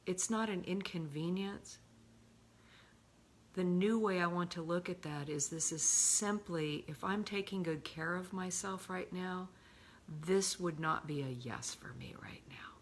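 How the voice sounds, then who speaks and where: A middle-aged woman giving a calm coaching talk, often slipping into a breathy whisper and stretching key words slowly. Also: lowish voice, slight background noise. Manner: slow, drawn-out emphasis on key words. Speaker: love coach.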